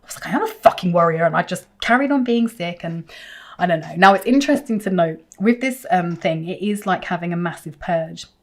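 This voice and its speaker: A woman vlogging, telling a personal story to camera with emphatic, animated delivery and sudden leaps in pitch. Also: brisk.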